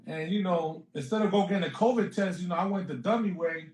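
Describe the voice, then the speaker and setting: Animated storytelling man in an echoey room. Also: high-pitched, fast. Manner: animated storyteller, acts out quotes, laughs often. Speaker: guest comedian. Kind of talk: casual interview chat.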